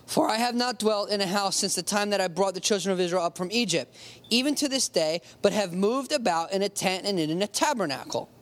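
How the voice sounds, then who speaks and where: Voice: medium pitch, animated, brisk. Conversational preacher stressing key words. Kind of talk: sermon with Bible reading.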